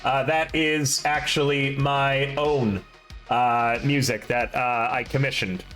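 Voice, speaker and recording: A man's voice: medium pitch, fairly even intonation, slow pace, a bit bright, soft background music. A young man streaming, chatting casually and rambling with self-deprecating asides before running a tabletop game.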